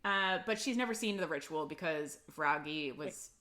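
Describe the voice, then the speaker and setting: Speaking at a moderate pace, this podcast co-host has a deep, bright, pushed voice with lively intonation. She gives a loose, chatty plot recap for a casual book club, saying "like" constantly and swearing now and then.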